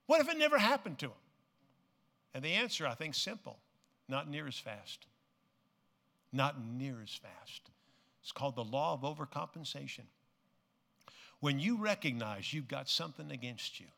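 In a large, echoing hall with long reverb, a pastor with a mid-range voice delivers a dramatic sermon. He swings from hushed tones to shouting and repeats phrases for emphasis.

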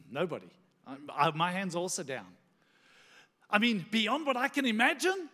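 A man with a notably high voice leads a church service as its pastor. He preaches with rising emphasis, and his words ring out through a long reverberant hall. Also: fairly bright tone. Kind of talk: sermon. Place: church sanctuary.

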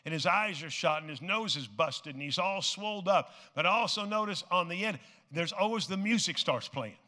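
Male preacher, bright ringing tone, dramatic hush-to-shout delivery and repeated refrains, in a reverberant sanctuary. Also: high-pitched, lively intonation, normal speed. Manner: dramatic, swings from hushed to shouting; repeats phrases for emphasis. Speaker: pastor. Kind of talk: sermon. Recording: long reverb of a large hall.

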